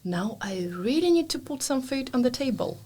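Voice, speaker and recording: A woman in her thirties from Russia, with a Russian accent, speaking as a guest in a podcast interview. She tells lively stories and laughs often. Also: sits high, moderate pace. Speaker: guest, business consultant. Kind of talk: podcast interview, casual chat.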